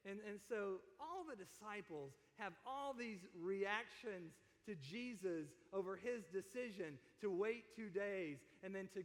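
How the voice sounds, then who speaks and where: A man preaching a sermon in a conversational, animated way, often asking his listeners questions. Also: high voice, in a large hall. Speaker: pastor.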